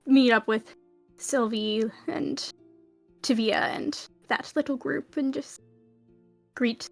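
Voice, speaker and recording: A woman's voice: sits high, takes it slowly, creaky, a little mellow, faint music behind. A woman playing a tabletop game, hesitant, with many fillers. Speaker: player.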